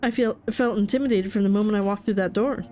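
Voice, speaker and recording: A woman's voice: mid-range voice, fast, mellow, lightly acted. A woman voicing a polite, nervous male university professor who stumbles over his words. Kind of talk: game voice acting.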